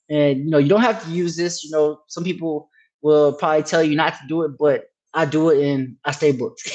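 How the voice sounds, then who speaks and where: A man's voice: a little high, darkish tone, low-quality recording. A man, a working actor, giving a casual, encouraging masterclass talk, full of "you know what I'm saying" asides. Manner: upbeat and encouraging.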